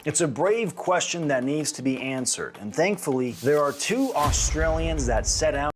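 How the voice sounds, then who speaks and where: A man's voice: a little high, expressive, normal speed, few pauses, background noise. A man narrating a video commentary in a wry, sarcastic way. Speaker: YouTuber. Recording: music playing behind.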